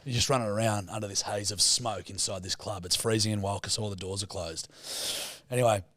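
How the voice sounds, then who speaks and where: A man with an Australian accent, co-hosting a podcast and telling a childhood story in a casual, swearing, animated way. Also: on the low side, brisk, no echo, studio quality. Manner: animated, swears a lot, laughs often. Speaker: podcast co-host.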